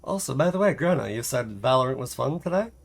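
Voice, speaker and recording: A man's voice: medium pitch, lively intonation, fast talker, creaky. A man streaming a game live, chatting casually in a rambling, self-mocking way and laughing often.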